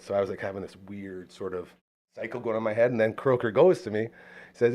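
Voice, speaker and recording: A man's voice: fairly low pitch, fast talker. A man hosting a casual podcast chat, telling stories animatedly and acting out what people said. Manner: animated storyteller, acting out quotes. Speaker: podcast host.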